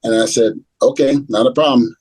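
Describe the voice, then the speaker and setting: Man, middle-aged, husky voice, dry close sound, lively storyteller acting out quotes. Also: mid-range voice, fairly quick, no echo, low-quality recording. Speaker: retired pro wrestler, guest. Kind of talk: storytelling interview answer.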